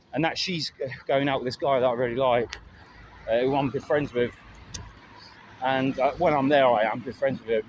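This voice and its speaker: A man's voice: on the high side, lo-fi sound. A middle-aged man talking candidly and rambling in a casual vlog, recorded outdoors by a road, swearing now and then. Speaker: vlogger. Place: outdoors by a road with passing traffic. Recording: outdoor phone recording with faint traffic. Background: faint traffic and street sounds.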